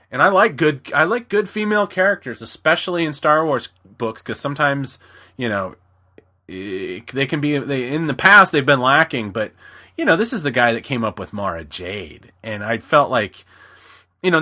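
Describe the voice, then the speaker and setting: A man co-hosts a podcast in easy, casual chat. His voice is bright and clear, and he rambles with frequent restarts, now and then slipping into a quick impression. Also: mid-range voice. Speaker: podcast co-host.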